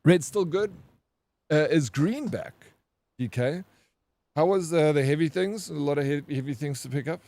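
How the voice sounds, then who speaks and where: A man's voice: a little high, moderate pace, creaky, a little mellow, no room sound. A man with a South African accent, chatting casually with his live-stream chat as he plays, greeting viewers by name and swearing freely. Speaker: game streamer.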